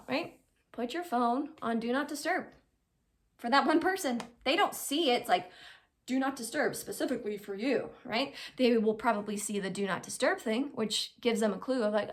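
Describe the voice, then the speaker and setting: A woman's voice: fairly high pitch, normal speed. A woman giving an informal life-skills lesson in a conversational way, often checking in with "right?". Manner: acts out quoted people in lively little voices. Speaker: advice host.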